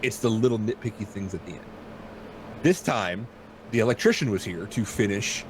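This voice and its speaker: A man's voice: fairly low pitch, moderate pace, noisy background. A man hosting a podcast from home, telling a rambling, self-deprecating story in casual chat. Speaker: podcast host.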